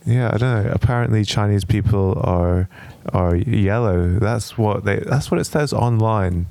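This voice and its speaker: A man's voice: on the low side, measured pace, creaky, a little mellow, no room sound. A man hosting a casual podcast, speaking hesitantly and repeating his words. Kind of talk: casual chat.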